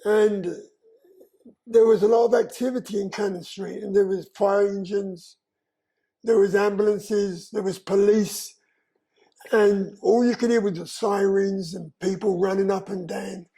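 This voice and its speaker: An older man, slowly and earnestly telling his life story in an interview, with frequent "you know". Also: high-pitched, fairly even intonation, dark tone, rough recording. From London, England. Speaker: guest.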